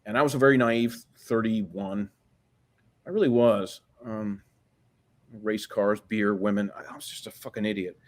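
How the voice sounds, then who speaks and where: A man's voice: on the low side, steady tone, moderate pace. A middle-aged man speaking as an interview guest, rambling from story to story. He swears freely and acts out the voices of people he quotes. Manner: rambling, profane, re-enacts quoted dialogue.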